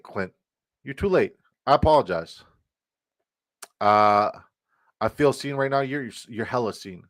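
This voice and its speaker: A man's voice: mid-range voice, expressive, moderate pace, long pauses, a bit bright. A man hosting a casual live fantasy football stream, swearing freely and reading out and answering chat. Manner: profane, hyped, reads and answers chat.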